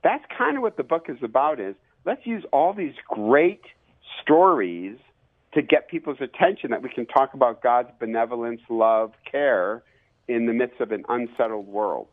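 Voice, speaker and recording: A man, an author and professor, telling lively stories with many fillers as a guest on a radio interview. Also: mid-range voice, normal speed. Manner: lively, animated storyteller with fillers. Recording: tinny phone line.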